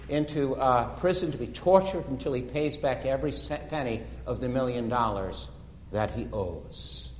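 A man preaching a sermon, retelling stories dramatically and slowing down for emphasis. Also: mid-range voice, lively intonation. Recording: echoey hall reverb.

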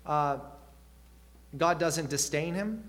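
A man's voice: fairly high pitch, slow pace, a bit bright. A man preaching a sermon, earnest, with rising and falling emphasis and questions put to the listeners.

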